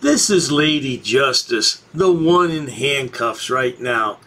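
A man's voice: mid-range voice, expressive, slow pace, bright, forceful tone, a little hiss or hum. A man hosting a commentary channel, mocking the people in the clip in a sarcastic, sing-song way. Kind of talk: sarcastic commentary over video.

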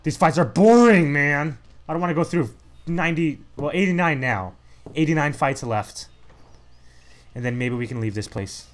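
A man's voice: a little high, animated, normal speed. A young man giving casual, sarcastic commentary as he plays a video game. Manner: sarcastic, mocking, reads game text in put-on voices. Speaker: let's play host.

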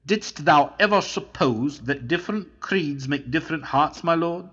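A man's voice: on the high side, a little slow, fairly bright tone, breathy edge, lo-fi sound. A man reading the lines of a timid, kind-hearted old male moneylender in a piteous, imploring way. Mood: reproachful.

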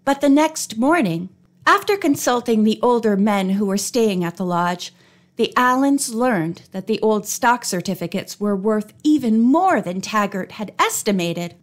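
A woman narrating an old mystery storybook in a clear, expressive reading voice. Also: fairly high pitch, a little slow. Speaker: audiobook narrator.

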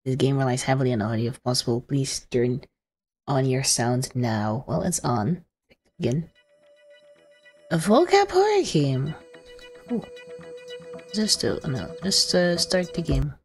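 Slow, low-voiced woman playing games. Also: big pitch swings, breathy edge, faint music behind. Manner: slow, soft, low-key reactions with sudden startled jumps. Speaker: gaming channel host. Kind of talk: let's play commentary, reading game text aloud.

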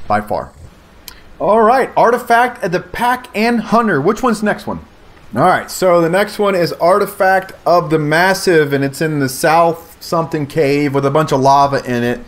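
A man giving casual, excitable commentary on his gameplay, talking to viewers and yelping when danger shows up. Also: a little high, normal speed. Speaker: gaming YouTuber.

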